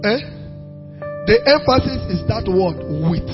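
A male preacher from Nigeria delivering an emphatic sermon, moving between quiet passages and shouted declarations. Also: very high voice, big pitch swings, a little slow, long pauses, long reverb tail, highs cut off, soft background music.

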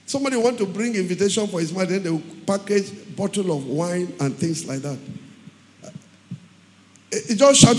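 High-voiced pastor preaching in a hall. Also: male voice, expressive, normal speed, long pauses, darkish tone. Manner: emphatic, repeats phrases, tells stories. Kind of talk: sermon. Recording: long hall reverb.

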